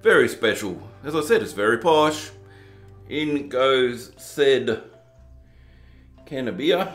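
A southern Tasmanian man speaks in an Australian accent with a mid-range, slightly bright voice, slow but animated. He reviews drinks for his home channel in a chatty, self-mocking way, jokingly exaggerating poshness. There's a roomy echo and faint background music.

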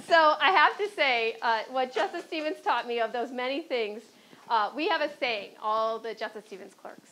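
Higher-pitched Chicago woman on a panel. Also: animated, moderate pace, fairly bright tone, slight background noise, rough recording. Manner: anecdotal, often adds "right?". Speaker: panelist, former court clerk. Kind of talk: speaking on a panel.

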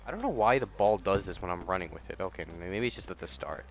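A young man with a slightly low voice narrates his own gameplay in a loose, rambling way. His talk drifts between topics, then he breaks into sudden profane jabs at other players. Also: animated, fast talker, gravelly, soft background music. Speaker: gaming YouTuber and streamer. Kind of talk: casual gameplay commentary.

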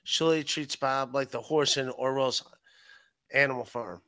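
Bright wisecracking male podcast co-host. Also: medium pitch, steady tone, measured pace, no room sound. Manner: wisecracking, reads chat messages aloud. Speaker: podcast co-host reading super chats. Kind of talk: casual chat.

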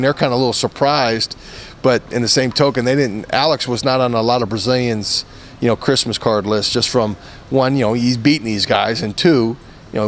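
A man's voice: medium pitch, slight background noise. A man, a former fighter, giving an interview and telling a long anecdote in a loose, rambling way full of restarts. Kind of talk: casual storytelling interview.

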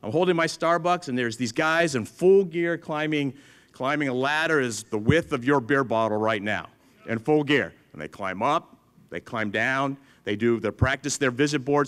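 In a clean, mid-range voice that's a bit bright, a middle-aged man working as a museum's chief engineer tells an audience stories at a moderate pace, acting out the dialogue as he goes.

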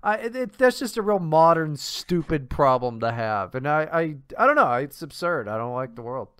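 A man's voice: on the high side, very animated, moderate pace, fairly bright tone, clear, resonant tone, no echo, studio quality. Profane, exasperated podcast co-host man. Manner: profane, exasperated ranting with restarts. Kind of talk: casual chat.

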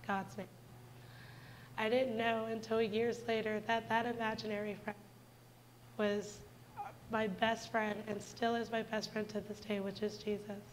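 Woman, 20s, church testimony, slightly high and even voice, sincere and direct with the congregation. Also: moderate pace, slight background noise, low-quality recording. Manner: earnest, heartfelt storytelling that addresses the congregation directly. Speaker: church speaker giving a testimony. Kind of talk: personal testimony in a church service.

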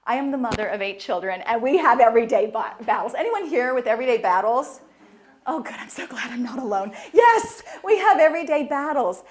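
A middle-aged woman gives an upbeat inspirational talk, her somewhat high voice swinging widely in pitch. She laughs often and keeps asking the audience questions. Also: quick pace. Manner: animated, laughing, quizzes the audience. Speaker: speaker at a women's conference.

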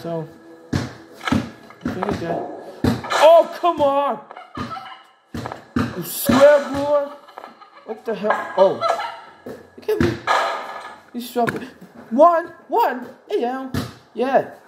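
A woman playing a horror game, talking in excitable, exclamatory bursts and swearing at it. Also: high-pitched, drawn-out words, pauses often. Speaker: gamer. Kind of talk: let's play commentary. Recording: loud background noise.

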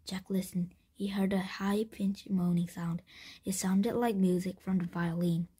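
Slow, breathy whispering woman reading. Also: medium pitch, fairly even intonation, mellow. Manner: slow reading with frequent slips and restarts. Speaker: story reader. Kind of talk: children's book read-aloud.

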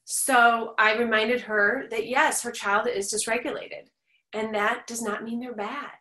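A woman teaching a parenting class, talking in a gentle, reassuring and reflective way, often pausing to repeat herself. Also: on the high side, fairly even intonation, roomy sound. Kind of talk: recorded online class Q and A.

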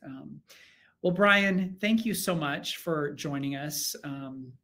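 A man's voice: on the high side, takes it slowly, sharp tone. A man hosting a webinar over a video call, giving polite, upbeat closing remarks. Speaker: webinar host. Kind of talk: wrapping up a webinar.

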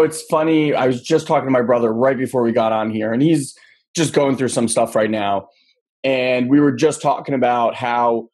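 Male podcast host, loose and chatty, mid-pitched. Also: a little mellow. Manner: loose and chatty, many fillers. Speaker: interview host. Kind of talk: casual interview.

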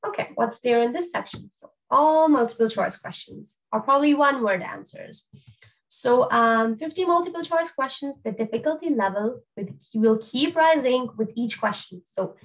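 A woman's voice: on the high side, lively intonation, moderate pace, rough recording. A young woman French teacher explaining an exam to learners in a chatty way, with frequent fillers and restarts.

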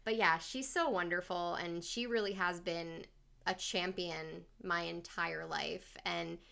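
Gravelly, bright female co-host. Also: fairly low pitch. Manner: animated storyteller, quick asides. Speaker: podcast co-host. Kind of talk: casual chat.

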